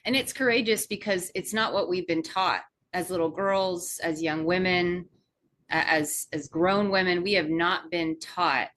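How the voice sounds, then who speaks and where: A woman's voice: on the low side, fairly bright tone, a little hiss or hum. A woman coach hosting a podcast, talking in a reflective, earnest way. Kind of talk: casual podcast conversation.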